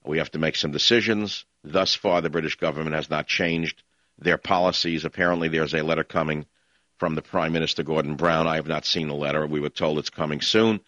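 A man's voice: a bass voice, fairly even intonation, brisk, sharp tone, no room sound. A man hosting a call-in talk radio show, ranting in a combative, scornful way over dull lo-fi broadcast audio.

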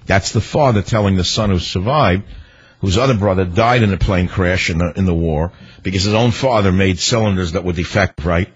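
A man's voice: low voice, a little fast, slightly rough. A man hosting a radio talk show, delivering indignant political commentary with rhetorical, hammering repetition. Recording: dull lo-fi radio broadcast.

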